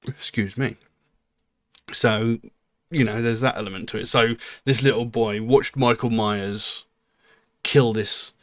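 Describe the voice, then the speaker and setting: A man's voice: lowish voice, dry recording. Rambling middle-aged man. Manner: rambling and candid, with frequent um and you know. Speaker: music reaction channel host. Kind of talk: casual reaction commentary.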